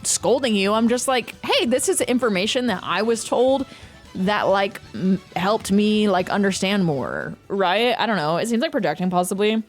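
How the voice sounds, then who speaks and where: Animated woman streamer ranting. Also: medium pitch, normal speed, faint music behind. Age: 30s. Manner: ranting, profane, animated storytelling. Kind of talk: casual live-stream chat.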